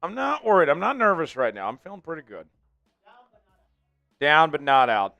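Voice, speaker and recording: A man hosting a live fan stream of a football game, chatting with viewers and calling plays with excited hype. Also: fairly high pitch, moderate pace, no room sound. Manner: excitable, hypes up chat viewers. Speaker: fan livestream host. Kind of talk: live game watch-along chat.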